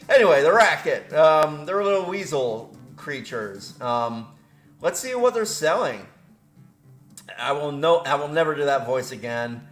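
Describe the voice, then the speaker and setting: A man hosting gameplay commentary, rambling and self-deprecating, laughing often. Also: medium pitch. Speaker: game channel host. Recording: roomy echo with faint music.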